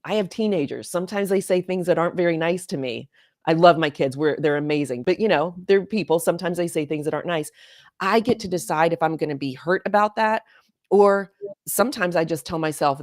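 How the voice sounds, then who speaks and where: A woman in her forties with a low voice speaks as a guest coach. She is earnest and emphatic and hammers her points home by repeating them. The sound is close and dry. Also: brisk, no room sound. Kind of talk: casual podcast talk.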